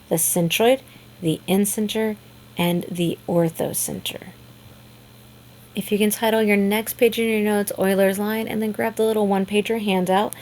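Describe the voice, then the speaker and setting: A woman teaching a high school math lesson in a casual, chatty way, with frequent fillers and restarts. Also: a little mellow. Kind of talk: classroom lecture video.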